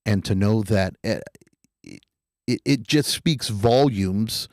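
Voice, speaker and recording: A man with a lowish voice co-hosts a casual podcast. He speaks earnestly and repeats his points with many fillers. The sound is dry and close. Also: slow, darkish tone, no echo.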